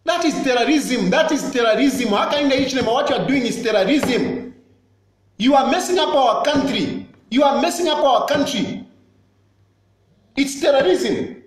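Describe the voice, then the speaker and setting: Fiery Zambian man in an echoey room. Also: extremely high pitch. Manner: repetitive, accusatory, insistent. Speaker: politician. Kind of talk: impassioned political address.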